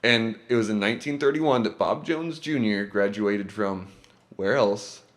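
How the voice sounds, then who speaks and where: Low-voiced man telling a story on a podcast. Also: unhurried. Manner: profane, laughing storyteller. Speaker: podcast host presenting research. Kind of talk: casual podcast chat.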